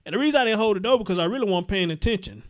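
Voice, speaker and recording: A man with a high voice hosts a live commentary stream. He reads viewer comments aloud and answers in a blunt, profane way. He often repeats his points for emphasis. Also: expressive, rapid-fire. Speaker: host.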